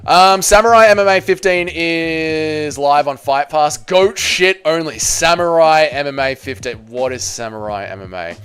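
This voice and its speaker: A man's voice: medium pitch, fairly bright tone, smooth. A young man, chatting casually on a live stream, reading viewers' messages aloud and answering them.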